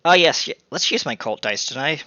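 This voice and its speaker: A man's voice: on the high side, lively intonation, a little fast, sharp tone, no echo, muffled recording. A man playing a tabletop game on a headset from his bedroom, rambling and self-deprecating with hesitant fillers. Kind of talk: casual chat with in-character narration. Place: home bedroom.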